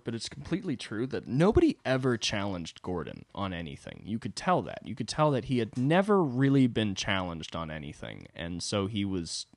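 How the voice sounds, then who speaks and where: A man's voice: medium pitch, dry recording. A young adult man hosting a solo podcast, telling a comedic story with profane, rambling asides. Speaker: podcast host.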